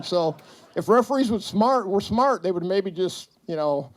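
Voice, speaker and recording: Joking and storytelling for a retirement celebration crowd in an event hall, a middle-aged man acts out the lines of the people in his anecdotes. His voice sits high and is expressive and a little mellow, at normal speed.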